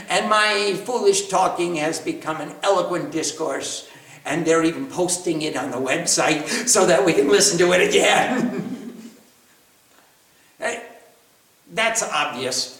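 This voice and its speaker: Speaking slowly in a high-sitting, fairly bright voice, a spiritual teacher gives a discourse and takes questions, playful, self-mocking, and often laughing. The room is echoey and he's picked up from a distance.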